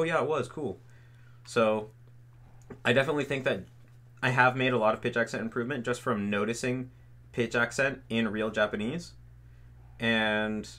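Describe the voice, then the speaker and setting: A man's voice: mid-range voice, a bit bright. A young man chatting casually on a livestream, answering viewer questions in loose talk full of fillers and "like"s. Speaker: streamer answering chat questions.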